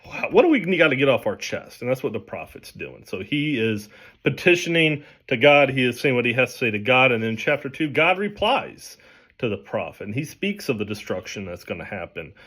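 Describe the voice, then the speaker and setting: A man teaching from the Bible in a relaxed, conversational way, often restarting his sentences. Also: mid-range voice, brisk, breathy edge. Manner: conversational, with frequent restarts and fillers. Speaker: pastor.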